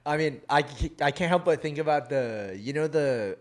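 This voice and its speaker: Man, casual podcast chat, laid-back, laughing, slightly high voice. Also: normal speed, hardly any pauses. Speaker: podcast co-host.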